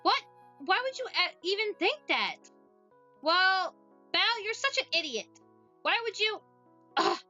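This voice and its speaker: A woman's voice: very high-pitched, sing-song, measured pace, pauses often, bright, forceful tone, highs cut off, soft background music, exaggerated voice. A woman voicing a blunt, impatient young girl who teases her friend in a snappy, sarcastic way in a voiced visual novel. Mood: exasperated.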